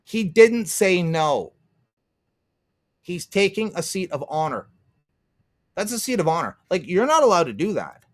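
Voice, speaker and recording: A male streamer rants in a loose, profane and sarcastic way, laughing often and reading out his chat. His voice sits a little high and swings widely in pitch as he talks. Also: very animated, a little slow, long pauses. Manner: reads out and answers chat. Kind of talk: ranting livestream commentary.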